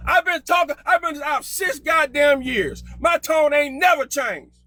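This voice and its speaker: High, sharp-voiced man arguing loudly. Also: unhurried, no room sound. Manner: loud, combative, repeats himself. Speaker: participant in an online group call. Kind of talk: heated argument.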